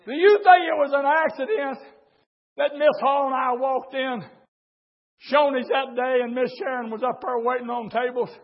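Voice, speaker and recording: A man preaching a fiery revival sermon. He swings between soft, low talk and shouted, rhythmic preaching at a church service. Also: steady tone, moderate pace. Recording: dull recording with faint congregation. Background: faint congregation.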